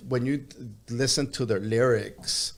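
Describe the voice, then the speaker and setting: A man's voice: medium pitch, fairly even intonation, a little slow. A man as a podcast guest, telling a long story in casual chat with many hesitations. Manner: meandering storytelling with frequent hesitations.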